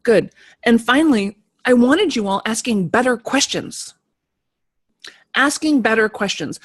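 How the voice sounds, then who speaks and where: A woman giving a live motivational talk to an online group of creative people, emphatic and animated, repeating key phrases. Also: medium pitch, normal speed.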